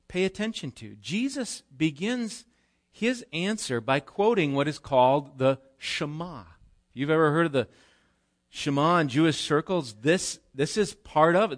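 Man preaching a conversational sermon. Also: a little high. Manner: conversational, explanatory preaching with restarts and rhetorical questions. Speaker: pastor. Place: church.

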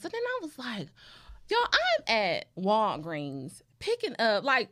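A woman's voice: sits high, wildly swooping pitch, a little slow, bright, forceful tone. A woman in her thirties telling a story in a casual chat and talking straight to the audience as y'all. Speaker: guest.

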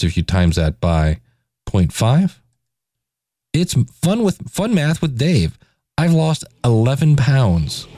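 A man's voice: medium pitch, warm tone, no echo, studio quality. A man in his forties hosting a casual solo podcast, talking in a self-deprecating, joking way. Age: 40s. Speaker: podcast host.

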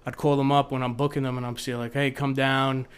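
Male TV producer guest, mid-pitched, rambling anecdotal delivery with acted-out quotes. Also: fast talker, clear, resonant tone. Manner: rambling, animated storyteller who acts out quotes. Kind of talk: casual podcast storytelling.

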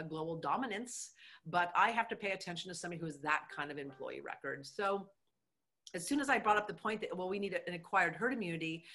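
A middle-aged woman, a former mayor, telling her story with emphatic, animated energy in a conversational interview. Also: fairly low pitch.

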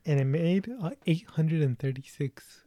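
A man's voice: on the high side, steady tone, a little slow, warm tone, dry recording. Young man, movie chat host, lots of ums and laughs, dry close sound. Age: 20s. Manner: chatty, laughs often, many fillers. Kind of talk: casual chat.

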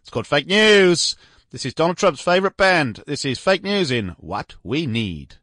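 A man's voice: on the high side, big pitch swings, moderate pace, a bit bright, no echo. A man hosting a radio show from a studio, chatting casually with rambling, jokey asides between tracks.

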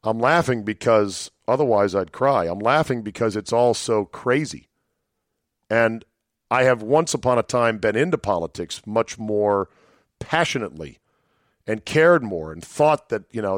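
A man's voice: medium pitch, no room sound, studio quality. A man hosting a solo podcast, talking in a sardonic, rambling way with chuckling asides. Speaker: podcast host.

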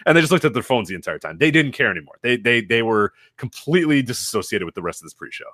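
A man co-hosting a wrestling podcast in casual chat. He talks fast, with his pitch swinging widely as he acts out what other people said. He laughs often and swears freely, in a dry, close recording. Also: very animated, bright, forceful tone, no echo. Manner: acts out quoted people in changed voices. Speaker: podcast co-host.

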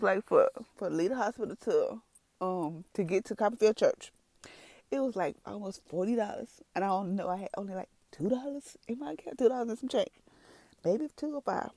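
A woman's voice: mid-range voice, dark tone, dry recording. Tearful woman telling her testimony. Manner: tearful, rambling storyteller. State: crying at times. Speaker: podcast host giving a testimony. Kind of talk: emotional personal testimony.

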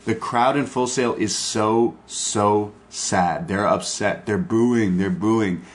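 A man hosting a podcast, excitedly recapping a wrestling show in casual chat, swearing and laughing. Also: fairly low pitch, slow. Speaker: podcast host.

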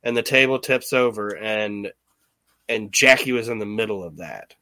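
Here a man recaps a past wrestling event on his laid-back podcast, wandering off on tangents, swearing, and acting out quoted voices with animation. The recording is close and dry without echo, and his fairly low voice comes across bright and forceful at a moderate pace.

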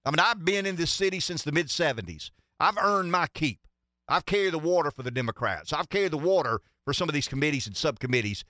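Man in his sixties, talk radio host, lively bright voice, dry studio sound. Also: a little high, fast, no room sound. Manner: rambling, many fillers and restarts, emphatic. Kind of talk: political talk radio commentary.

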